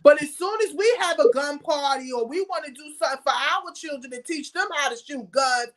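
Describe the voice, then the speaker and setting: A woman co-hosting a casual talk show, animated, emphatic and blunt. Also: high-pitched, brisk. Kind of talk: casual panel chat.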